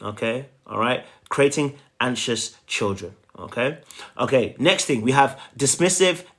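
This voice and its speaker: A man's voice: mid-range voice, measured pace, fairly bright tone. A man giving a relationship coaching talk, emphatic and repetitive, often checking in with "okay?" and "right?".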